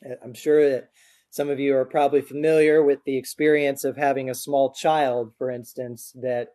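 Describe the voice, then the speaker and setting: A man's voice: medium pitch, level tone, normal speed, warm tone. Male guest preacher, earnest and conversational, speaking to a church crowd through a stand mic. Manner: earnest and informal, with light self-deprecating humor. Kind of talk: conversational sermon. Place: church service before a congregation. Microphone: adjustable microphone on a stand.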